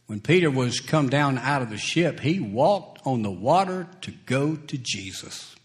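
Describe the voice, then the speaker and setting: A man preaching a sermon, slow and deliberate, who chuckles between points and acts out scripture quotes. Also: medium pitch, expressive.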